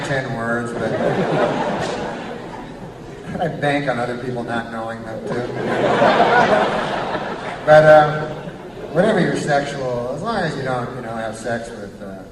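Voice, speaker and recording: A man doing a rambling stand-up set, deadpan, with filler phrases. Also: mid-range voice, heavy background noise. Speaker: stand-up comedian. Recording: echoey club from far off with loud crowd. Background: audience laughter.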